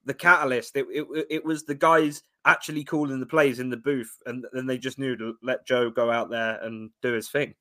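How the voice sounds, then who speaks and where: A man's voice: mid-range voice, fairly even intonation, moderate pace, hardly any pauses, a bit bright. A brash, profane man in casual sports talk, calling everyone "bro" as a co-host.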